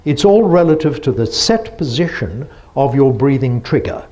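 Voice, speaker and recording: A man's voice: mid-range voice, lively intonation, normal speed, mellow, highs cut off. A man giving a lecture presentation, explaining step by step and asking the audience rhetorical questions.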